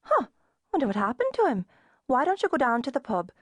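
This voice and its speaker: A woman's voice: sits high, huge pitch swings, fairly quick, dry recording, voice pushed up, exaggerated voice. A woman narrator voicing an unflappable woman friend on the phone who talks in a teasing, matter-of-fact way. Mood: breezy.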